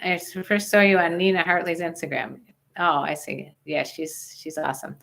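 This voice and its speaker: A woman's voice: fairly low pitch, moderate pace, vocal fry, a bit bright. An older woman hosting a casual livestream chat, joking bawdily and reading out viewer questions. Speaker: livestream host.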